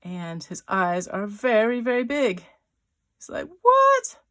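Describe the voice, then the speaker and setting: A woman illustrator leading a drawing lesson, chatting playfully and thinking aloud as she draws. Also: medium pitch. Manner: chatty and playful, voicing little sound effects; talks while drawing, with pauses and restarts. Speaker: writer-illustrator teaching a drawing workshop.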